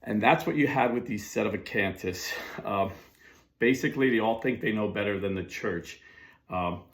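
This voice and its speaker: A man's voice: on the low side, moderate pace. A middle-aged man giving a casual monologue as a Catholic commentator, chatty with fillers and asides.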